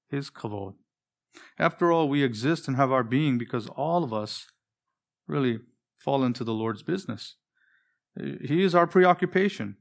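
A male pastor delivering a sermon with earnest conviction. He slows down and stretches important phrases for weight and keeps turning to his listeners with pointed questions. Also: mid-range voice, vocal fry. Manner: earnest, preacherly, with drawn-out emphatic phrases; asks the congregation direct questions.

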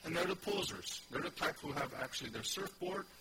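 A man with a fairly high, expressive voice talks a little quickly against a noisy backdrop. Preaching to a congregation, he gives expository teaching on scripture verse by verse, repeating key lines for emphasis and putting questions to those listening.

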